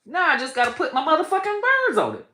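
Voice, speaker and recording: Woman, profane rant, slightly high voice, echoey room. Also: quick pace, slight background noise. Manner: blunt, profane, animated, trails off and restarts. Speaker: online comedian and commentator. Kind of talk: casual profane rant to camera.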